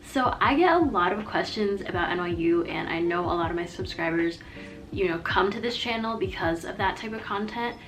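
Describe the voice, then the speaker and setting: A woman's voice: fairly low pitch, animated, fairly quick, a bit bright, soft background music. A young adult woman, a college student, talking through a casual advice vlog in a chatty, rambling way, often saying "like". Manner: chatty and rambling, heavy use of "like".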